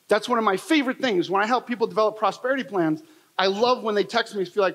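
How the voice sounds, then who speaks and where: A man's voice: high-pitched, fast, a bit bright. A man giving a motivational keynote talk, telling personal stories with emphatic, repetitive phrasing. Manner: emphatic, repetitive, storytelling delivery. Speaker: motivational speaker. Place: large event hall. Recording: long reverb of a large hall.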